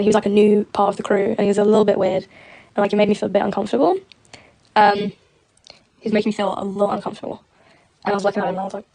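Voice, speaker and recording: Fast, gravelly young woman. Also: medium pitch, warm tone, rough recording. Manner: rapid, agitated storytelling with nervous laughs and acted-out quotes. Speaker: streamer. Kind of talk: casual livestream chat.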